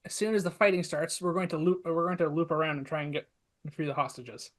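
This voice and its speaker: A man playing a tabletop game, chatty and quick to lay out his plans. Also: a little high. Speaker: player. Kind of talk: casual tabletop game play.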